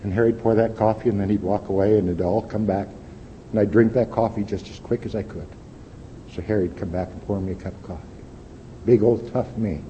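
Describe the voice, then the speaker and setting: A man's voice: fairly even intonation, a little fast, warm tone. An older man speaking at a recovery meeting, giving a plain-spoken, wry and candid personal testimony. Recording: lo-fi echoey hall with faint rumble.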